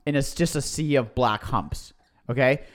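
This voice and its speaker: A man co-hosting a casual podcast, telling history in an excitable, joking way. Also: medium pitch, normal speed. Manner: excitable, tells history with jokes. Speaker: podcast co-host. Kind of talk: casual chat.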